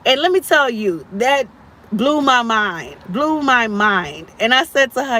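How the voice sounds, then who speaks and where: A woman's voice: a little high, animated, moderate pace, pushed and bright. A woman in her thirties hosting a motivational live stream, preachy and encouraging, repeating phrases for emphasis.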